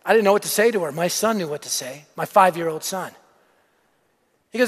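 A middle-aged pastor delivers a sermon, his voice sitting unusually high for a man. He tells stories with energy, shouting some lines and dropping to near-whispers on others. His voice carries a long hall reverb. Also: fast. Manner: energetic storytelling preacher, swinging from shouts to hushed asides.

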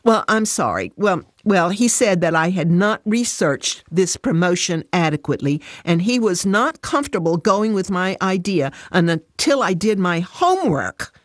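A woman voicing an upset, defensive working mother who protests in a high, emotional voice. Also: expressive, measured pace, no echo, clean studio sound. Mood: frustrated, defensive.

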